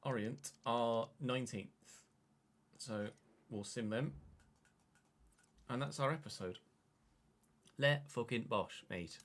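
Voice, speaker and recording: A man's voice: medium pitch, takes it slowly, long pauses. A young man streaming a football management game, chatting casually, swearing and answering his chat. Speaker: gaming livestreamer. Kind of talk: casual live game commentary.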